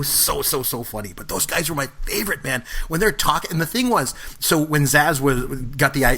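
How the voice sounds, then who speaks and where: Bright-voiced middle-aged man, animated. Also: fairly high pitch, breathy edge. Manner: animated, acts out movie lines in put-on voices, laughs often. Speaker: podcast co-host, movie reviewer. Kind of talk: casual chat.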